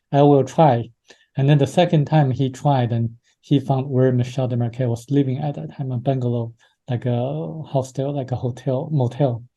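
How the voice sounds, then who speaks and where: A man being interviewed, telling a personal story with many pauses and fillers. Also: mid-range voice, dark tone. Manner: hesitant, many fillers and restarts. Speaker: interview guest.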